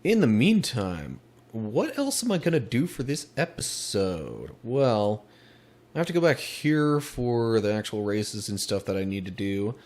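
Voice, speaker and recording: A man casually commenting on his own racing gameplay. He is chatty, laughs easily and gets excitable while driving. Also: lowish voice, a little slow. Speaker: gaming channel host. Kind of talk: casual let's play commentary.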